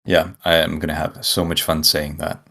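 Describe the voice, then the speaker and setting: Deep gravelly-voiced man, rambling. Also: level tone, normal speed, sharp tone. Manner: rambling, lots of likes and restarts. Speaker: podcast co-host. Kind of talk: casual podcast chat.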